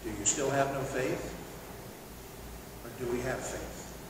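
A man preaching a sermon in a church, animated, acting out quoted lines in a loud voice. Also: mid-range voice, unhurried. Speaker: pastor. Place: church sanctuary. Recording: echoey hall from far off, noisy.

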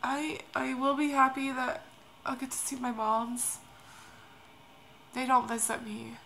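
A young woman vlogging about a personal move, tearful and speaking in a halting, hesitant, soft way. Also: high voice, flat delivery, gravelly, slight background noise. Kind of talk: emotional personal vlog.

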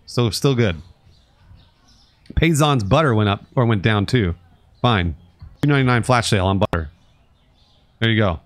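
A man casually commenting on a live-stream of a store game, grumbling sarcastically, swearing often and talking to his chat and to the customers. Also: fairly low pitch. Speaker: streamer playing a store sim.

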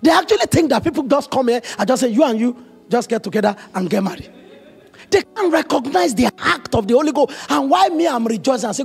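Raspy high-voiced preacher. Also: male voice, fast talker, soft background music. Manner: emotional, animated storytelling with quoted dialogue. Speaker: pastor. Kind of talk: sermon.

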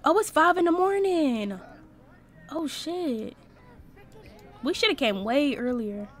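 A young woman with a high voice takes it slowly while hosting a Sims let's-play. Her casual, slangy commentary is animated, and she laughs and reacts to what unfolds on screen.

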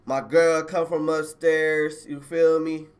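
Slangy man telling a story, higher voice. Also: little pitch movement, slow. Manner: slangy, rambling, addresses viewers directly. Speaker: live streamer telling a personal story. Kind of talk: casual storytelling on a livestream.

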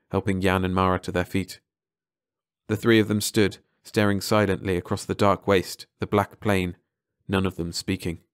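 A man narrating an audiobook in calm, measured scripted narration. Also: low-pitched, clear, resonant tone, no echo, clean studio sound.

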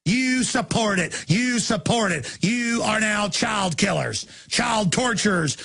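A man rants at full volume as a talk show host, hurling insults in a gravelly, raspy voice. His tone is sharp and strained, and his pitch runs very high and swings wildly. Faint music plays underneath. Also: animated, takes it slowly. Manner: furious, shouting, insulting. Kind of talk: ranting monologue.

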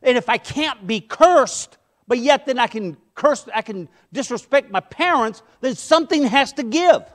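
A middle-aged man delivers a sermon from the pulpit with a strikingly high voice. He preaches with passion, pushing hard on key points and then pulling back into hushed asides. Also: animated, unhurried. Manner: impassioned, swinging between loud emphasis and hushed asides. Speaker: pastor.

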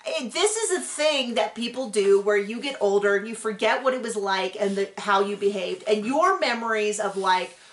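A woman's voice: medium pitch, moderate pace, hardly any pauses. Chatty woman recapping TV in an echoey room. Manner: animated, acts out quotes, rambling asides. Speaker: recap show co-host. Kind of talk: casual chat recapping a reality show.

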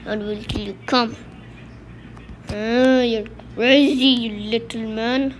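A woman's voice: on the high side, steady tone, slow pace, slight background noise. A woman voicing a male kidnapper who keeps repeating bossy threats and orders, in a homemade role-play video. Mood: menacing.

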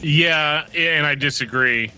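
Very bright-voiced joking podcast man. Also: fairly high pitch, takes it slowly, faint music behind. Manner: joking, teasing, playful. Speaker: podcast co-host. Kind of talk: casual chat.

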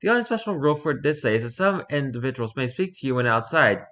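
A YouTuber reads a rules-style horror story aloud for his channel in a lively way. His voice is medium-pitched and he talks fast, now and then stumbling and restarting.

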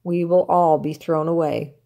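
A grandmother voicing a gentle male wind-up toy mouse in a storybook, speaking softly and confidingly. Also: sits low, flat delivery, moderate pace, creaky.

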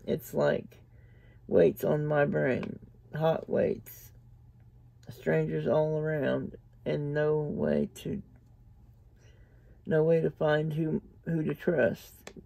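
Mumbling young man far from home, lifeless and scared, gravelly low voice, slow, read by a man. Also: flat delivery, dark tone, dry recording, heavily acted. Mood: despairing. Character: homesick frightened young country man.

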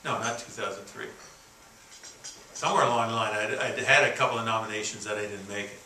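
A man in his sixties from Canada giving a keynote speech, telling stories in a folksy, halting way full of fillers and restarts. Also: on the low side, bright, forceful tone, slight background noise. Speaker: keynote speaker. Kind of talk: storytelling speech. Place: conference hall. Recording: roomy, distant venue recording with faint ambience.

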